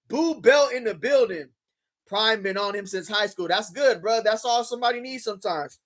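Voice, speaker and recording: A man's voice: high voice, fairly bright tone. A man hosting a casual livestream, talking in slang and hyping up his chat. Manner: slangy, hyped, talks straight to chat. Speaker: livestream host. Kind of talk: casual livestream reaction commentary.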